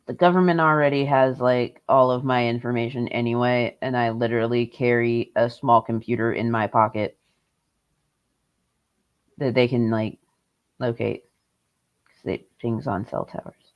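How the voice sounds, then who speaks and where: A woman's voice: rumbling low, fairly even intonation, moderate pace, long pauses. A woman hosting a livestream, chatting casually with viewers, sarcastic and swearing a lot as she rants. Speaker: livestream host. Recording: dull lo-fi stream audio.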